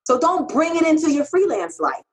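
A middle-aged freelance copywriter tells stories in an interview, candid and emphatic, a little fast. She's animated, and her pitch jumps when she quotes herself. The recording quality is low.

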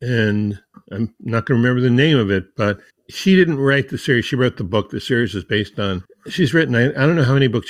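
A man's voice: medium pitch, no echo, clean studio sound. A man hosting a marketing podcast, walking through a numbered list of tips and reading quotes aloud in a conversational way. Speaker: podcast host.

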